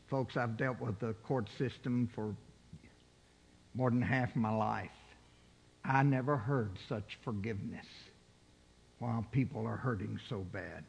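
A man's voice: mid-range voice, a little slow, vocal fry, long pauses, slightly rough, long reverb tail. An older man preaching a sermon, putting rhetorical questions to his congregation.

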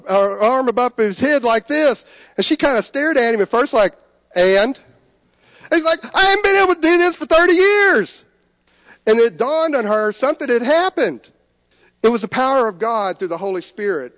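A man preaching a sermon in a church sanctuary, earnest, moving between soft pleading and lifted emphasis. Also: high voice, long reverb tail. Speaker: pastor.

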